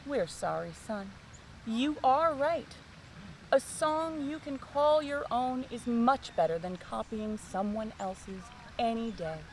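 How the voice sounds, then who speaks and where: A woman voicing a hearty, warm but stern father mockingbird in a storybook reading, his voice booming and at times scolding. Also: lively intonation, slow pace, slight background noise, low-quality recording. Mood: tender.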